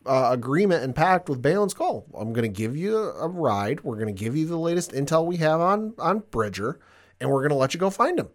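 A man doing Thrawn, a calm scheming admiral. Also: on the high side, fairly quick, voice pushed up. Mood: calm, assured. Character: calm, calculating male alien admiral.

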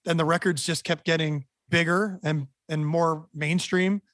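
A man's voice: on the high side, fairly even intonation, unhurried, a bit bright, dry recording. A man in an interview, bluntly telling a wild story and swearing freely. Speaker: band member guest.

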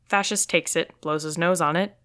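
A woman's voice: lowish voice, steady tone, normal speed, a bit bright. A woman reading stage directions aloud in a plain, matter-of-fact way.

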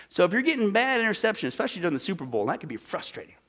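A man's voice: sits high, big pitch swings, rapid-fire, hardly any pauses, fairly bright tone. A man preaching a sermon, reading passages aloud and answering them with rhetorical questions and sarcastic asides.

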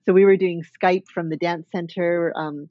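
A woman's voice: fairly low pitch, fairly even intonation, moderate pace, dry recording. Reflective woman, slightly muffled. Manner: thoughtful, many fillers and restarts. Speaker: dance artist and guest. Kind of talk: reflective conversational interview.

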